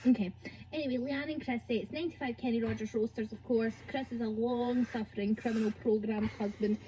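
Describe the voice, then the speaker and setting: High-pitched bubbly woman chatting on a podcast, a bit of hiss behind. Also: fairly even intonation, fairly quick, dark tone, low-quality recording. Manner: bubbly, gushing, teasing. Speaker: podcast co-host. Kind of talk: casual chat.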